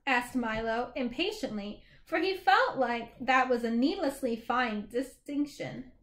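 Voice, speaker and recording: Woman narrator with a high, light voice for a children's novel read-aloud. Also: measured pace. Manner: steady storytelling narration. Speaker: reader.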